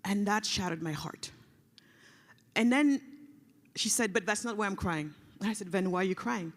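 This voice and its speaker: A woman giving an emotional storytelling speech at a conference, passionate and sometimes dropping to a hushed, soft delivery. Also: mid-range voice, normal speed. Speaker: keynote speaker. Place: large conference hall. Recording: long hall reverb.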